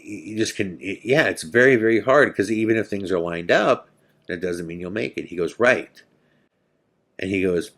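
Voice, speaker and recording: A man hosting a podcast, telling a story in a casual, halting way, full of fillers and repeated words. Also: deep voice. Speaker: podcast host.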